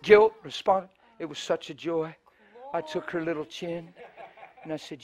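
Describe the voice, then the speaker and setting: A middle-aged man preaching a sermon, telling stories with loud emphasis and soft hushed passages. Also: on the high side, moderate pace, very noisy. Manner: animated, shifts between loud emphasis and soft hushed storytelling. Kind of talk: sermon with storytelling.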